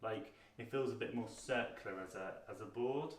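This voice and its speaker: A British man in his thirties co-hosting a board game review, talking casually with frequent pauses and fillers. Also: mid-range voice. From Britain. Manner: chatty, hesitant, lots of ums. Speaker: board game channel co-host. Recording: roomy sound, mic at a distance.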